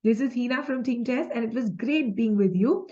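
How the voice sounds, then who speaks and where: A woman's voice: a little high, moderate pace, darkish tone, highs cut off. Indian English woman tutoring exam questions. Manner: mixes Hindi into English, explains with examples. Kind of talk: lively quiz lesson.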